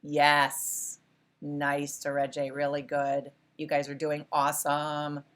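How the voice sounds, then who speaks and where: Woman, college instructor, unhurried delivery, encouraging, fairly low voice. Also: completely flat delivery, fairly bright tone. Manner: encouraging, praises students often; self-correcting restarts. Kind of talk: interactive class lecture.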